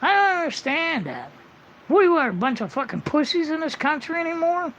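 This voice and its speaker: A man's voice: very high voice, big pitch swings, moderate pace, fairly bright tone, a little hiss or hum. A man livestreaming a casual, rambling monologue, blunt and full of swearing, on muffled lo-fi audio.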